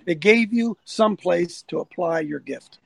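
High-voiced folksy preacher man. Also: measured pace, gravelly, slight background noise, low-quality recording. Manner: folksy storytelling, rallying, animated. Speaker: ministry leader called Coach. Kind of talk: livestreamed preaching talk. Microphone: phone.

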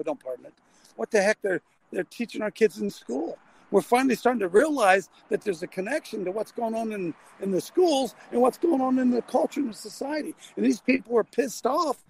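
A man's voice: high voice, no echo, rough recording. An older man hosting a casual call-in talk show, rambling and folksy with frequent restarts, talking from a vehicle.

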